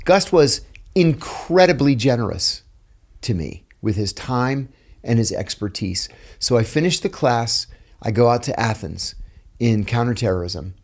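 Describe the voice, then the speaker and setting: A man's voice: mid-range voice, unhurried. Storytelling man from western Pennsylvania. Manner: animated anecdotes with acted-out quotes. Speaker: podcast guest, former intelligence officer. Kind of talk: storytelling in a conversational interview.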